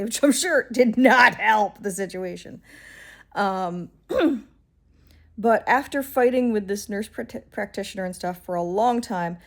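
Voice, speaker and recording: A woman vloggers telling a personal story in a loose, rambling way. Her voice sits at an ordinary middle pitch, and she sounds exasperated and wry, full of ums and restarts. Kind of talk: casual storytelling vlog.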